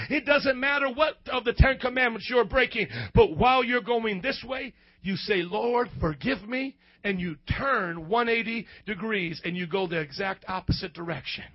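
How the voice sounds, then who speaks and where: A man, a youth pastor preaching a fiery sermon to his congregation, breaking into shouted, sing-song outbursts. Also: sits high, moderate pace, hardly any pauses, lo-fi sound. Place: church hall before a youth congregation.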